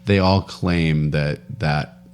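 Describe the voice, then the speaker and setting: A man's voice: a bass voice, fairly even intonation, slow, smooth. A man co-hosting a podcast, rambling through news stories in casual banter and laughing often. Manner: rambling, laughs often, trails off mid-sentence. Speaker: podcast co-host.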